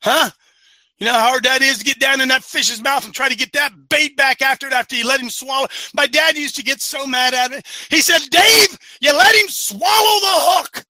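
A man preaching with fire to a live online audience, often raising his voice to a shout. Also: extremely high pitch, steady tone, a little fast, dry recording. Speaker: host and preacher of an online show.

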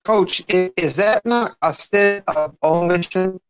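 A man calling in to a talk show, asking an earnest question and halting as he searches for words. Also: high voice, faint music behind. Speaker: caller. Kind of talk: call-in question.

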